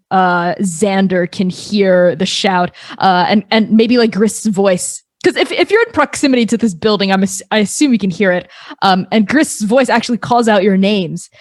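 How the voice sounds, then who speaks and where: A woman's voice: mid-range voice, no room sound. Woman player chatting loosely in a tabletop game. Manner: loose, rambling, quick to laugh. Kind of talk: casual tabletop play.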